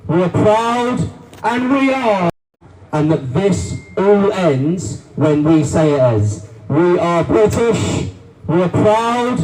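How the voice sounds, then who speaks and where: Speaking extremely slowly in a high-pitched, animated voice, a man rallies a political crowd, forcefully repeating lines and addressing the audience as "guys." The recording places him at a distance, with crowd noise faintly audible.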